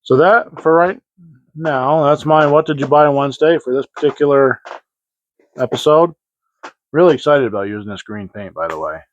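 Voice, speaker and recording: A model-kit hobby channel host talks at normal speed in an animated, medium-pitched voice, with a little hiss or hum in the background. His casual show-and-tell rambles, hesitating with many fillers and restarts, in a dry, slightly dull lo-fi recording.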